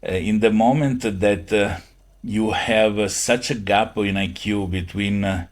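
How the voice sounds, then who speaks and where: Low-voiced man, halting speech. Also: steady tone. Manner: halting, many fillers, non-native phrasing. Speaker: guest. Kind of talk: conversational interview.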